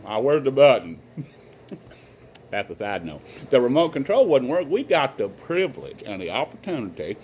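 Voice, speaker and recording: A man's voice: mid-range voice, very animated, unhurried, a little mellow, a little hiss or hum, poor audio. Folksy middle-aged man telling stories. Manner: folksy, rambling, earnest. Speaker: vlogger telling family stories. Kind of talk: casual personal storytelling.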